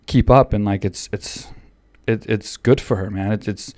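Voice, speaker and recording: A man's voice: fairly low pitch, fairly even intonation, normal speed, a little mellow, dry recording, studio quality. A man hosting a podcast in casual chat, still a little out of breath, rambling with many restarts. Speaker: podcast host and coach. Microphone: studio podcast mic.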